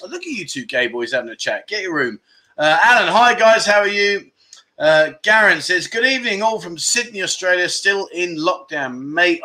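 Bright-voiced chatty man host. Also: high voice. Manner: chatty, self-mocking, exclamatory. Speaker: livestream host. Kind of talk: casual livestream chat reading out viewer comments.

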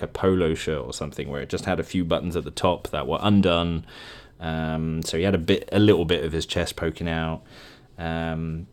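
A man hosting a podcast, casually retelling a dream in a rambling, chatty way and laughing at himself. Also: sits low. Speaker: podcast host. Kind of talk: casual solo storytelling.

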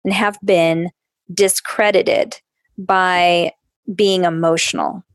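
A woman's voice: on the low side, steady tone, slow pace, no echo, studio quality. A woman co-hosting a podcast, speaking reflectively and conversationally, drawing out her stressed words. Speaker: podcast co-host.

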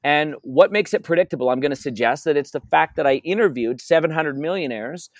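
A man's voice: on the high side, animated, fairly quick, dry recording. A man being interviewed as a wealth coach, telling stories with emphasis and repeating his key phrases. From North America. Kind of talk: energetic interview talk.

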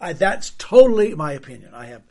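A man hosting a casual conversation, telling stories in a husky voice that trails off quietly at the ends of sentences. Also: on the high side, big pitch swings, a little fast. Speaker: host.

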